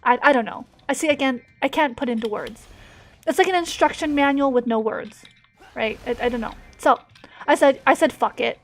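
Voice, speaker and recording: A woman streamer telling a personal story with emotional swings, many fillers and restarts, and sudden loud moments. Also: high-pitched, a little fast.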